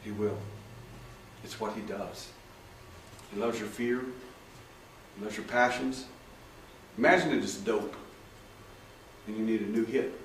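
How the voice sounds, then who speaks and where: A man's voice: lowish voice, measured pace, long pauses, fairly bright tone. A man telling case stories to an audience as a hypnotherapist, acting out the dialogue in raised voices. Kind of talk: talk with audience questions. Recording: echoey room, far from the mic, faint noise.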